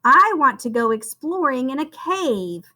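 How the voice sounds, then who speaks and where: A woman teacher talks young children through a phonics spelling lesson, calling each child "friend". Her voice is high and bright. She speaks slowly, with big rises and falls. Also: very animated. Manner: slow, sing-song, encouraging, calls the listener "friend".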